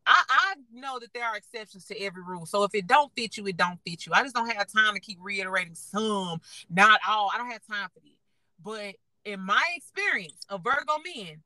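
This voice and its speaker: A woman's voice: mid-range voice, brisk, dry recording. A young adult woman co-hosting a casual chat, telling blunt, profane stories and acting out the people in them. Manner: blunt, profane storytelling with animated quoted voices. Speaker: podcast co-host.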